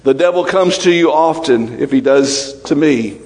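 A man preaching a sermon as pastor, emotional and animated, swinging between raised fervor and low, quiet intensity. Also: normal speed, in a large hall.

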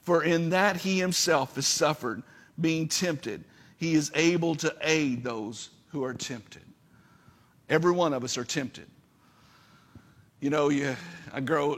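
Earnest preacher in a reverberant hall. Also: male voice, fairly high pitch. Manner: earnest preaching, rising to impassioned peaks. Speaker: pastor. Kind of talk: sermon.

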